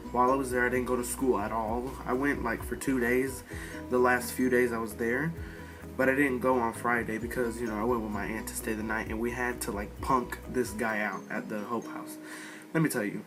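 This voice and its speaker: A man casually telling a rambling, profane storytime about a fight at home. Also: mid-range voice. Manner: profane, rambling, animated retelling. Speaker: storyteller vlogger.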